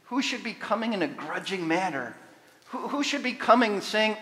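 A man delivers a sermon with a bright, high voice that carries through a hall with long reverb. He preaches with animation and builds to loud emphasis on his main points. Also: expressive, normal speed. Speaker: pastor.

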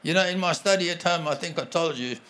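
A man preaching a sermon in an earnest, conversational way, often pausing and restarting his sentences. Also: on the high side, fairly bright tone. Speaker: guest preacher.

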